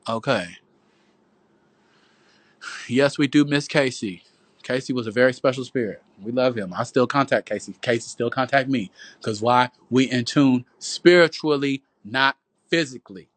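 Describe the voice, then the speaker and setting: This livestream host, broadcasting by phone from home, cusses his way through a repetitive, sermonizing monologue, calling listeners "boo" and "y'all." His medium-pitched voice has a fairly bright tone and moves at a normal speed, with no room sound.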